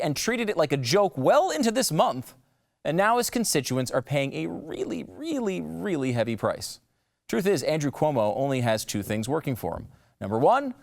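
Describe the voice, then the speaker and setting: Sarcastic male commentary host, lively. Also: a little high, vocal fry. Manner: mocking, sarcastic, swings between loud jabs and muttered asides.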